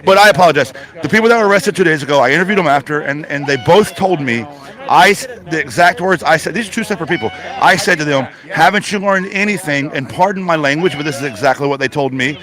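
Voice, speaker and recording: A man's voice: a little high, fast talker, fairly bright tone. A man reporting live from a protest site in an urgent, emphatic and blunt way, swearing freely. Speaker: on-the-ground reporter. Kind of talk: live remote interview.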